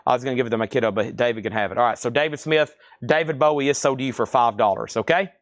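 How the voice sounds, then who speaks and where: A man hosting a live record sale, calling out items, prices and buyers in a brisk, chatty way from a record shop storeroom. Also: medium pitch, dry recording. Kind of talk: livestream auction calling.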